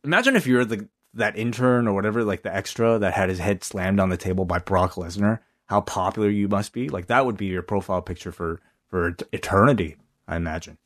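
A low-voiced man chats on a casual podcast, reacting with animated comments and stopping to restart his sentences often. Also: fairly quick, hardly any pauses. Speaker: podcast co-host. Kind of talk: casual chat.

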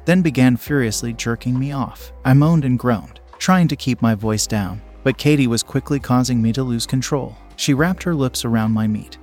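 This is a first-person story told by a man whose voice stays at a typical middle pitch. He reads at a steady, measured pace over faint background music.

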